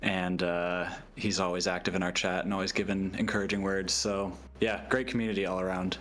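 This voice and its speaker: A young man, a sim racing driver, talking through his race in a relaxed, upbeat post-race interview with small hesitations. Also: low-pitched, a little fast.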